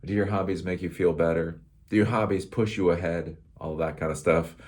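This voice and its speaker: A man's voice: deep voice, fairly even intonation, a little fast, darkish tone, breathy edge. A middle-aged man hosting a casual, rambling tech commentary show, sarcastic and laughing at his own jokes.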